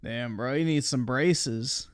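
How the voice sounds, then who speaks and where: A man's voice: medium pitch, slow pace, clear, resonant tone, no room sound, studio quality. A man hosting a livestream, reacting to chat in a crude, offhand way. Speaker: livestream host. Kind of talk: casual streamer commentary.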